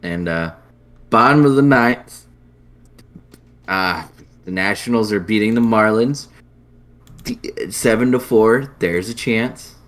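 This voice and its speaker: Male podcast co-host, very deep voice, dry and jokey, rattles off numbers. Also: slow pace, long pauses, a bit bright. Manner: dry, jokey, reels off stats. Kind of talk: casual chat about baseball.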